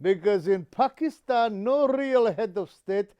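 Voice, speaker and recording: A high, sing-song voice from a man doing a cheeky mock-Scottish guest of Pakistani roots in a TV comedy sketch. The put-on Scottish accent sits over Indian English. He drawls his words slowly, and his pitch swoops widely. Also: lively intonation, warm tone, smooth, lo-fi sound. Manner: drawling, uses "laddie" and "wee". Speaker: comic guest.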